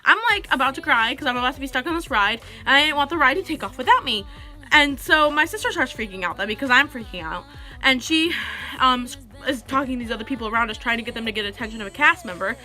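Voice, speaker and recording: A teenage girl vlogs in a rushed, rambling storytelling style. Her voice sits a little high and sounds bright and sharp. Faint music plays underneath. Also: lively intonation. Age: teenager, about 16. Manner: chatty, rambling, heavy use of "like". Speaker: vlogger. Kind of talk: casual storytelling to camera.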